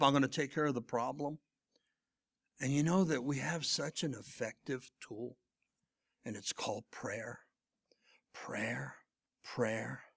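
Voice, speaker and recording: A middle-aged male pastor with a creaky, medium-pitched voice delivers a sermon. He alternates between loud, forceful lines and quiet, almost whispered ones.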